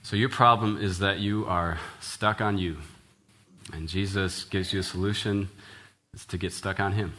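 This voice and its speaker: A deep-voiced minister preaches at a normal speed with fairly even intonation. His sermon is earnest and conversational, full of "right?" check-ins and restarted sentences, and it ends in quiet prayer.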